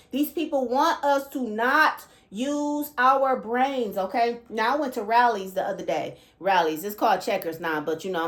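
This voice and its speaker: A woman hosting her channel, giving a casual spiritual card-reading talk in an emphatic way and checking in with "okay?" after nearly every point. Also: a little high. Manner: emphatic, keeps adding "okay?" and "all right?". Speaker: channel host, card reader.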